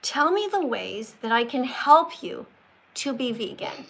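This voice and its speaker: A woman hosts a live-stream call-in with a fairly high, gravelly voice. She lectures her callers in an emphatic, insistent way and drills them on pronunciation, pressing each point hard. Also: sing-song, a little slow, a bit bright. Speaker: livestream host talking with callers.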